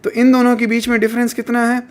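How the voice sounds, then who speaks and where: High-voiced man teaching chemistry. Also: completely flat delivery, racing. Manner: coaxing, repeats questions to students. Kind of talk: online exam-prep lesson.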